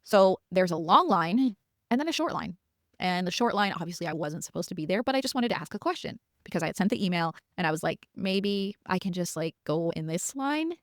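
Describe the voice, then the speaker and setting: A woman's voice: lowish voice, expressive, a little fast, dry recording, studio quality. A woman in her thirties hosting a podcast, telling a personal story in a chatty way, laughing now and then and quoting her own thoughts. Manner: chatty, laughs while telling, quotes herself in asides. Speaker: podcast host. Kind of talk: casual storytelling.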